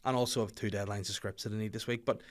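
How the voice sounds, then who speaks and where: A young adult Northern Irish man hosting his own podcast, chatting casually with swearing and animated, rising rants. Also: quick pace. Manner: swearing, animated rants that swing loud and high. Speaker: podcast host and comedian. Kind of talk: casual solo podcast chat.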